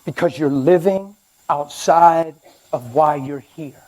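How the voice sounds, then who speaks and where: An older man preaching a sermon in a church, conversational and animated with sudden loud outbursts. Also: fairly high pitch, takes it slowly.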